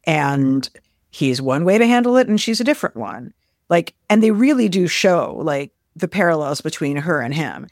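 A woman's voice: low voice, moderate pace, no room sound. Thoughtful woman in dry casual chat. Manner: thoughtful, many fillers and restarts, animated when quoting. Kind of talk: casual discussion.

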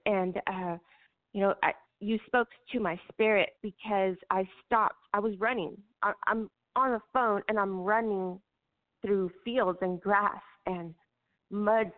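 A woman's voice: medium pitch, steady tone. Woman telling a story over the phone. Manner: halting, many fillers and restarts. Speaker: guest recounting a personal story. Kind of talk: emotional personal storytelling. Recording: tinny phone-line audio.

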